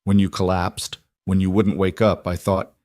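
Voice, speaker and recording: A man voicing a rugged, protective cowboy who speaks quietly and with restraint. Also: low-pitched, little pitch movement, moderate pace, dry recording, studio quality, lightly acted. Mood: remorseful, tender.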